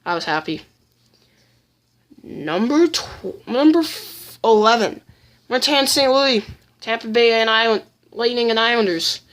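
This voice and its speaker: A woman's voice: a little high, expressive, a little slow, long pauses, a bit bright. A woman giving casual countdown commentary as a fan vlogger, blunt and opinionated, often restarting her sentences.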